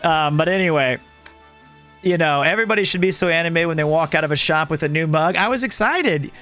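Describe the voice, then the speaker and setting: A man hosting a casual live stream, reading chat aloud in a loud, projecting, animated way. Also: a little high, brisk, faint music behind.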